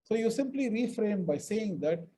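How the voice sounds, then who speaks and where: A man's voice: high-pitched, animated, moderate pace, warm tone, a little hiss or hum, low-quality recording. A middle-aged man from India giving a webinar lecture on mediation, stressing words emphatically and acting out example sentences. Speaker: mediation trainer.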